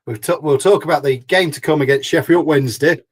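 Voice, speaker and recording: A man's voice: on the high side, brisk, husky. A man hosting a fan podcast in casual chat, jokey and teasing. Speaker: podcast host.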